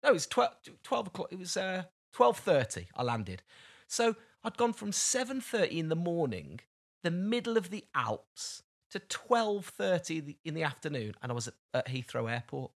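A young man co-hosting a podcast, chatting casually and telling a lively story about his travel day. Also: fairly high pitch, normal speed. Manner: chatty storyteller, animated when excited. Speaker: podcast co-host. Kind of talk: casual chat.

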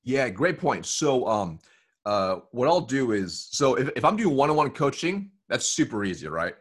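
A man speaks as a guest sales coach in a podcast interview. His talk is quick and energetic, with frequent "right?" and "you know" tags, and his voice sits at an ordinary middle pitch. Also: slightly rough.

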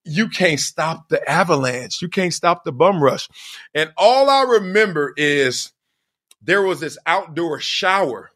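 A lively, bright-toned male host, telling a comedic story with a high, swooping voice. He laughs often and slips into quoted voices as he goes. He sounds middle-aged. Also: a little slow. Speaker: podcast host.

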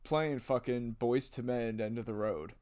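A woman co-hosting a podcast, adding dry quick asides to a recap. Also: a bass voice, warm tone, smooth, no echo. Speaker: podcast co-host. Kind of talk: casual chat.

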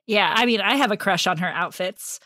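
A woman's voice: mid-range voice, brisk, bright, forceful tone, no echo, studio quality. A woman co-hosting a podcast, chatting casually and playfully. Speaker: podcast co-host. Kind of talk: casual chat.

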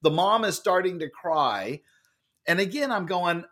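Guy with a big loud voice telling a story on a podcast, animated. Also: sits high, measured pace. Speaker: guest, author and speaker.

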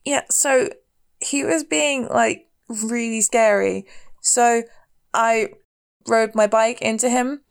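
A woman's voice: a little high, fairly even intonation, slow, vocal fry, clear, resonant tone. A woman from Britain playing a tabletop game, chatty and prone to laughter. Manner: chatty, giggly. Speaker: player.

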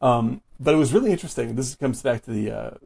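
Gravelly, husky man rambling about movies. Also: mid-range voice, expressive, quick pace, a little mellow. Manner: rambling and enthusiastic, heavy on fillers. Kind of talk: casual movie chat.

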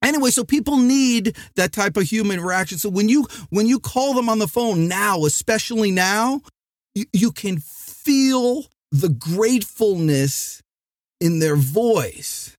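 Animated, high-voiced man from New Jersey. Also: unhurried, dry recording, clean studio sound. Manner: animated, rambling, frequent restarts. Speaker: podcast host. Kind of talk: energetic sales podcast monologue.

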